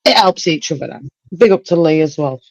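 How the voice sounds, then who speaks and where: A woman hosting a casual livestream chat, talkative and quick to exclaim. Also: deep voice, animated, no room sound, muffled recording. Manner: chatty, exclaims and laughs often. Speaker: livestream host.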